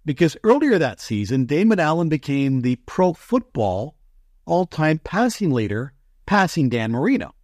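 Animated man telling broadcast stories. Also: on the high side, moderate pace, dry recording, studio quality. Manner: animated, excitable storyteller. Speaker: sports broadcaster guest. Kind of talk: storytelling in a podcast interview.

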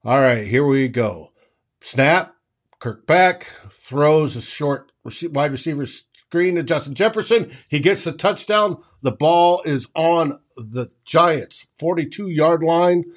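A man calling a football game live for his fan stream, unhurried and drawn out. His voice sits a little high for a man, and he breaks off the play calls to chat with viewers by name. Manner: slow, drawn-out calling that bursts into shouting on big plays; chatty, reads out and answers viewers by name.

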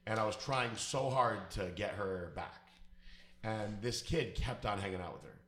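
A man's voice: fairly low pitch, measured pace, fairly bright tone, a little hiss or hum. A man telling a personal story in a casual, blunt, profane and emphatic way. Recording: echoey room.

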